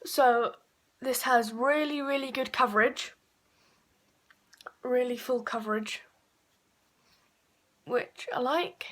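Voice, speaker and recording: A woman, chatting casually through a makeup tutorial with frequent fillers and quick self-corrections. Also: on the high side, fairly even intonation, a bit bright. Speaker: beauty vlogger.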